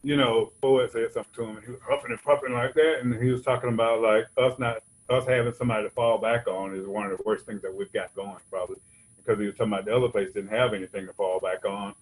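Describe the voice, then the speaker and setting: A man's voice: lowish voice, fairly even intonation, quick pace, poor audio. A man giving a rambling, conversational personal testimony at a recovery convention. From Georgia. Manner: rambling, conversational, frequent "you know what I'm saying". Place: convention hall stage.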